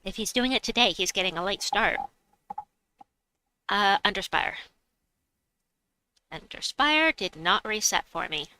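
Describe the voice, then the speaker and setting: A woman's voice: medium pitch, lively intonation, a little slow, long pauses, bright, forceful tone, low-quality recording. A woman streaming a game, chatting casually, reading viewers' messages aloud and laughing often. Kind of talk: casual live-stream chat.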